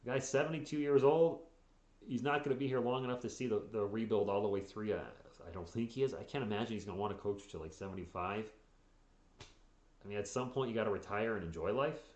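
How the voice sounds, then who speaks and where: A man's voice: fairly low pitch, fairly quick, a little mellow, echoey room. A man hosting a casual live sports stream, chatting about the games and answering viewers in the chat, sounding tired. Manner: chatty, reacts to games and reads chat aloud. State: tired, yawning.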